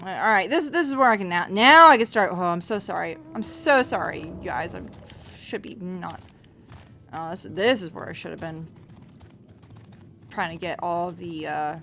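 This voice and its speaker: A woman's voice: fairly low pitch, lively intonation, normal speed, pushed and bright. A woman streaming a game, chatting casually to her viewers in a rambling, profane way, often restarting her sentences. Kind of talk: casual livestream chat while playing.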